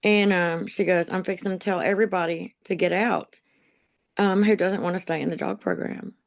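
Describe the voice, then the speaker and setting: A woman's voice: fairly low pitch, fairly even intonation, normal speed, gravelly, no room sound. A woman being interviewed, telling her own life story in a rambling, emotional way with many ums and laughs at herself. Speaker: interviewee, dog program graduate. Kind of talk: personal testimony, conversational storytelling.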